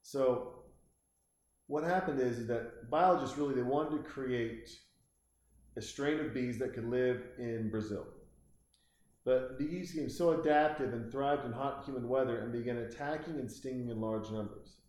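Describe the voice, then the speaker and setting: Man hosting a loose comic monologue, rambling, profane, lots of restarts, mid pitch, heavy room echo. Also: normal speed, darkish tone. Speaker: host. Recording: very echoey room.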